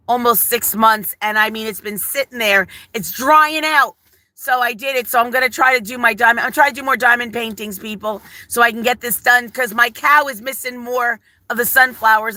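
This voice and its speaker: An older woman hosts a live stream from her phone, chatty and effusive, rambling from one story to the next. Her voice sits high and bright, recorded close and dry with no room sound. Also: dry recording, rough recording. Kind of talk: casual live-stream chat.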